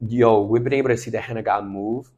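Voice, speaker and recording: A man's voice: lowish voice, fairly even intonation, fast talker, a little mellow, highs cut off, slight background noise. A man, a worship leader guest on a faith podcast, speaking with fervent, preacher-like exclamations.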